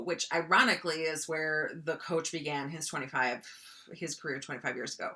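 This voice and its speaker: A woman's voice: low voice, steady tone, brisk, bright, forceful tone. A young woman from North Dakota, teaching writing in a casual lecture, full of ums and likes. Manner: chatty, frequent ums and likes, mock voices for examples.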